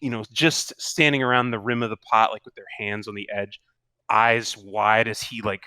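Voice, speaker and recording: A man narrating a tabletop game as game master, in a relaxed and rambling way with many fillers. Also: lowish voice, normal speed, smooth, no room sound.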